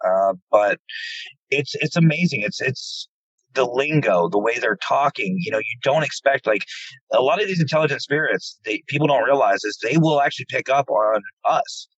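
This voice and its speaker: A man tells stories of his investigations in a casual, animated way, often repeating words as he starts a thought. His voice is husky, and the recording sounds dry and somewhat dull. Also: mid-range voice, normal speed, no echo. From central Pennsylvania. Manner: animated, repeats words when starting, acts out quoted dialogue. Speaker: paranormal investigator, guest. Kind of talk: casual storytelling interview.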